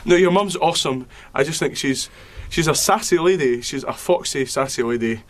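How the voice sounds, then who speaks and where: A man's voice: fairly high pitch, lively intonation, normal speed. A man, a reality show housemate, chatting casually and gushing in a flustered, giggly way. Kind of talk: casual chat.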